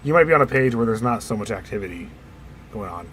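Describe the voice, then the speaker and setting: A man hosting a casual group podcast, loud and joking, swearing and laughing a lot. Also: lowish voice, animated, fast talker, slight background noise, rough recording. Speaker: podcast host.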